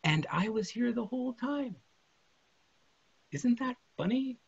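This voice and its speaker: Soft, wry mother in a read-aloud story, voiced by a man, husky and high, dull recording. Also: a little fast, no echo, close to an everyday voice. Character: gentle, wry mother in a vision.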